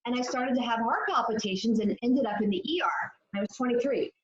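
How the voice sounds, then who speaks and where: A woman's voice: on the high side, fast talker. A woman guest on a podcast, explaining addiction with confidence. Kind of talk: podcast interview. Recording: echoey room, dull lo-fi sound.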